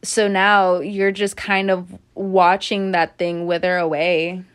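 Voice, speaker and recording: A woman giving a casual spoken tarot reading, chatty and animated, often breaking into laughter, recorded indoors at home. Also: fairly low pitch, takes it slowly, clear, resonant tone. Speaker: tarot reader.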